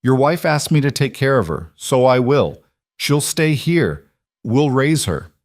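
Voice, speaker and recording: A man's voice: medium pitch, sing-song, a little slow, no room sound, studio quality, voice pushed up. A man voicing a woman healer on the frontier who speaks firmly and steadily. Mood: gentle.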